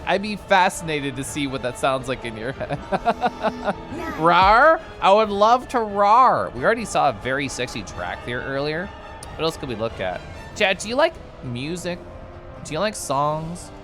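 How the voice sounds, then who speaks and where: A man on a live stream talks casually with his audience, his voice slightly high and swinging up and down a great deal. He is playful and chatty, laughing and tossing in silly noises, with soft music faintly underneath. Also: very animated, normal speed.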